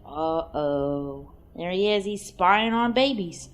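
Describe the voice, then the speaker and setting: A woman with a lowish voice at normal speed gives a casual, crude, comic play-by-play of a cartoon, sometimes offhand and sometimes bursting into excited exclamations.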